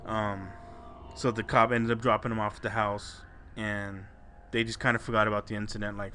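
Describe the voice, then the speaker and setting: A man's voice: lowish voice, little pitch movement, fairly quick, sharp tone, slight background noise. A man co-hosting a podcast, casually retelling a listener's scary story with swearing and restarts. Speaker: podcast co-host.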